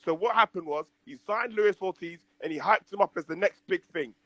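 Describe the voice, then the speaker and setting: A man's voice: high-pitched, a little fast, a bit bright, no echo, low-quality recording. A man in a heated casual debate, stammering and restarting as he argues his case at length. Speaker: debate panelist.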